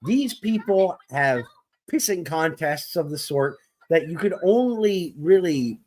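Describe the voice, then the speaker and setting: Animated, ranting man. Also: a little high, takes it slowly. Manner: heated, profane ranting; wordy, formal vocabulary. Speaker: podcast co-host. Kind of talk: opinionated gaming discussion.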